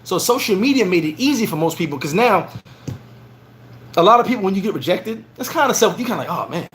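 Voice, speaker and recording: Animated man telling stories live. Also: sits high, quick pace, slight background noise. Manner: animated storytelling, acts out quoted lines. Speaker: vlog host. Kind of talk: casual livestream chat. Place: bar in the Dominican Republic.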